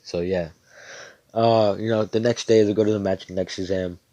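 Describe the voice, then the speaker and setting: A man's voice: fairly low pitch, fairly even intonation, normal speed, warm tone, no echo. A young man casually telling a fan story, rambling with slang and frequent swearing.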